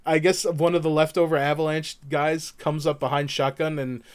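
A man's voice: fairly high pitch, flat delivery, clear, resonant tone. Rambling man recapping a game. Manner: rambling, many fillers, quotes characters in quick voices. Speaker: podcast co-host. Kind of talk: casual chat recapping a game.

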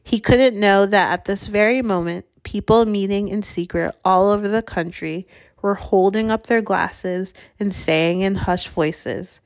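A woman narrating a chapter of a storybook in a measured, steady way. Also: mid-range voice. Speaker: audiobook reader.

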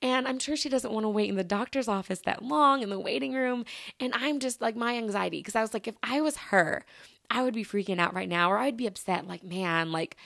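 A woman's voice: on the high side, brisk, gravelly, a bit bright, no room sound, clean studio sound. A woman in her thirties hosting a podcast and telling a personal story in a chatty, casual way, with lots of fillers and restarts. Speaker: podcast host.

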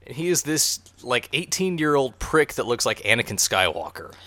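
A man co-hosting a podcast, sarcastic and animated, swearing and mocking an episode in casual chat. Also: medium pitch, moderate pace, dry recording. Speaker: podcast co-host.

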